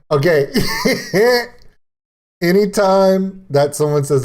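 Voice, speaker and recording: A man's voice: a little high, measured pace, darkish tone, soft background music. A man from Louisiana with a Cajun accent, chatting through a casual reaction stream and laughing often. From Louisiana, Lafayette area. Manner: chatty, laughs often, explains with many "okay"s.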